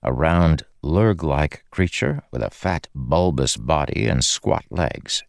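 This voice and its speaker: A man narrating an audiobook in a measured, grave storytelling manner. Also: a bass voice, lively intonation, vocal fry, dry recording, clean studio sound.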